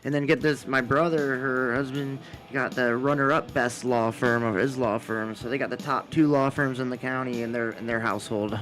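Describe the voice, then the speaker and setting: A man guesting on a casual podcast, relaxed and rambling as he explains things. His voice sits at a middle pitch and he fills his sentences with "like." Faint music plays behind him. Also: normal speed, hardly any pauses. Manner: relaxed, rambling, with many "like" fillers. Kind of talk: casual conversation.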